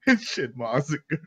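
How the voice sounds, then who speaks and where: A man's voice: a little high, a bit bright, husky. A man hosting a casual voice-chat stream, talking loosely, laughing often and tripping over his words.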